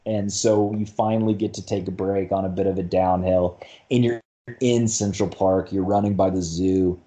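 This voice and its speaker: A man's voice: low-pitched, fairly even intonation, moderate pace, mellow. A man talking as a podcast guest, chatting casually and rambling with many fillers and restarts. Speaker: podcast guest, marathon runner. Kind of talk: casual conversation.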